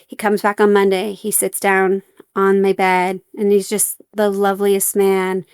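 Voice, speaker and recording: A woman's voice: medium pitch, completely flat delivery, unhurried, clear, resonant tone, no echo, studio quality. A young adult woman, a podcast guest, telling her story candidly with wry humor and many fillers.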